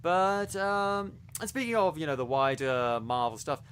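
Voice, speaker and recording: A man's voice: a little high, expressive, measured pace, a bit bright, clear, resonant tone. A man co-hosting a casual review podcast, talking with enthusiasm and lots of fillers and restarts. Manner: enthusiastic, rambling with many fillers. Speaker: podcast co-host.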